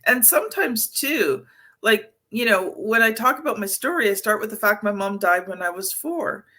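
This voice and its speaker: A woman's voice: medium pitch, expressive, moderate pace, pushed and bright. A middle-aged woman hosting a podcast interview, chatty and anecdotal with many fillers. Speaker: podcast host. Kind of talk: conversational interview.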